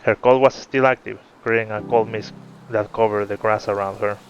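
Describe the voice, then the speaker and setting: A man reading a fantasy story aloud in a steady narrating voice, in a muffled recording. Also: fairly low pitch, moderate pace, slight background noise. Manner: steady narration, laughs between chapters. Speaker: story reader. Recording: muffled with faint music.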